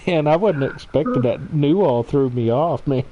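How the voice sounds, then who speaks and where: A man's voice: a little high, animated, moderate pace, mellow, highs cut off, a little hiss or hum. A man hosting a casual livestream, laughing hard and reading viewer comments aloud, teary-eyed from laughter. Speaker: channel host.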